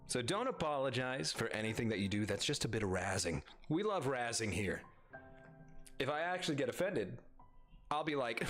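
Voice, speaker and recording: A man's voice: medium pitch, expressive, brisk, fairly bright tone, soft background music. A young adult man streaming live, chatting casually, swearing freely, laughing often and reading chat aloud.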